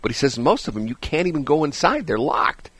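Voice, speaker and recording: A man's voice: fairly high pitch, fairly quick, husky, no echo. A man hosting a morning radio show, chatting casually and telling rambling stories with chuckles in a studio. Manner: rambling, animated storytelling with chuckles.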